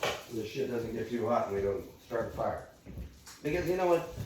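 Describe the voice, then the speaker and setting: A man talks through his cooking in a loose, rambling way, swearing often and breaking into loud outcries. His pitch swings widely, from low mutters to high yells. A faint hiss of noise sits under the voice. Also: animated, normal speed. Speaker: cooking vlogger. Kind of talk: casual rambling cooking vlog.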